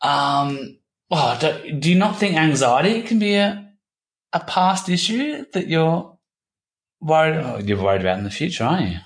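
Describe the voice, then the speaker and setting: A man in his thirties talking candidly as an interview guest, halting and repeating himself, swearing casually. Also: on the high side, big pitch swings. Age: 30s. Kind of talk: candid personal conversation.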